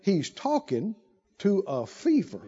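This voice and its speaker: Male preacher, high and animated, slow drawling emphasis, shouted peaks, dull recording. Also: slightly rough. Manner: animated, swings from low asides to loud shouted climaxes; drawls emphatic phrases slowly. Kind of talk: sermon.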